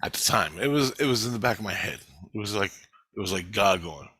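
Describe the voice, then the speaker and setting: A middle-aged man vlogging, telling a story in a rambling, excitable way with frequent swearing. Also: on the low side, fast, husky, no room sound. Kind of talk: casual storytelling.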